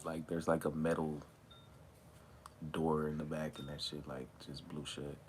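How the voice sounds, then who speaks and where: A man hosting a relaxed livestream chat, talking in a slangy, drawling way while high. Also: takes it slowly, slight background noise. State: high from smoking. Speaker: livestream host. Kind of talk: casual chat with live chat viewers. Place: outdoors or near an open back door, windy. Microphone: phone.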